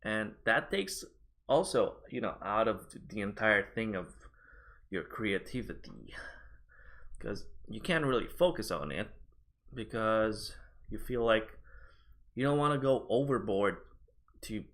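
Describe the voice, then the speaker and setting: A man's voice: on the low side, lively intonation, a little slow, long pauses, a bit bright. A man talking to his viewers in a loose, rambling vlog, chatty and swearing casually. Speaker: streamer and vlogger.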